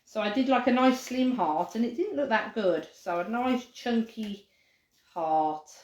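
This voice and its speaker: Lively woman teaching kids crafts. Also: a little high, measured pace, echoey room, dull audio. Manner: chatty, animated, says dog barks playfully. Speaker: children's craft presenter. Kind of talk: live craft demonstration for children.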